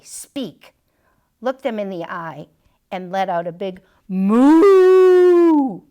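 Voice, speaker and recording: A self-assured male dog advice columnist from a storybook, read out by a woman, confident and wry. Slow, deliberate delivery with a gravelly edge. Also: medium pitch, full character voice. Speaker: storytime reader. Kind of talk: reading a picture book aloud.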